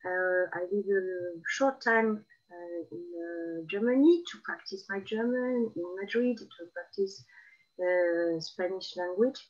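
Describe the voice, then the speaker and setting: A middle-aged woman from Provence with a Southern French accent, speaking French as her first language and telling stories as an interview guest with a reflective, unhurried manner and frequent pauses. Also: on the low side. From Provence, France. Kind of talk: casual video interview. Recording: slightly muffled recording.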